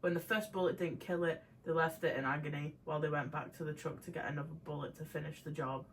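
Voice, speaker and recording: A woman's voice: deep voice, steady tone, quick pace, slight background noise, low-quality recording. A young woman co-hosting a casual chat, blunt and sweary with exasperated reactions. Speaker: co-host.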